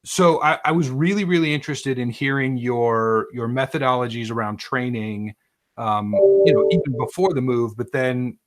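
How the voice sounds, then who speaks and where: A man's voice: mid-range voice, moderate pace. Guy asking questions on a video call, casual, lots of likes and ums. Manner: conversational, uses "like" and "um" often. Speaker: interviewer. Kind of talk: casual remote interview.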